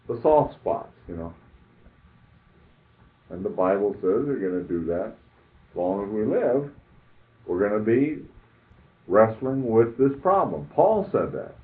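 Older male preacher, low voice, chatty and emphatic sermon, tinny phone-like recording. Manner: conversational, emphatic, rhetorical questions.

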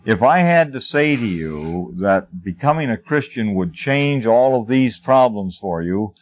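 A man earnestly teaching about Christian life, speaking deliberately and with emphasis, often repeating himself. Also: fairly low pitch, lively intonation. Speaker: Christian teacher answering a question. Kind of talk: unscripted spoken teaching. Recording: dull lo-fi recording.

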